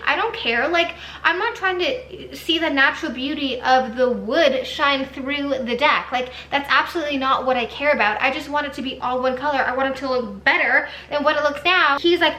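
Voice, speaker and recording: A woman's voice: high-pitched, a little fast, hardly any pauses, reverberant. A young woman telling a storytime vlog in a casual, exasperated way, full of "like"s. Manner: animated and exasperated, many "like"s. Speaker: vlogger.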